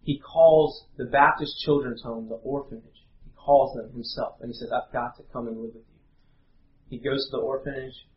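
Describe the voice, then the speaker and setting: Male pastor, earnest and halting; roomy, slightly dull live recording. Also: medium pitch. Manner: earnest, halting with many fillers. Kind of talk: sermon with prayer and storytelling.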